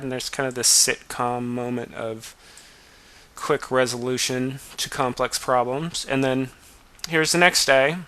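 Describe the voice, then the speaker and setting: A man's voice: medium pitch, fairly even intonation, normal speed, pushed and bright. A man in his forties giving a wry, self-deprecating director's commentary on his own childhood film. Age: 40s.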